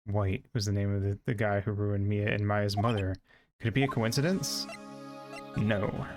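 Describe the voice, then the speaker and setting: Guy streaming a game, jokey, swears a bit, kinda low voice, music playing under. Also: steady tone, normal speed. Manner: joking, swears casually. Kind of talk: casual gameplay commentary, reading dialogue aloud.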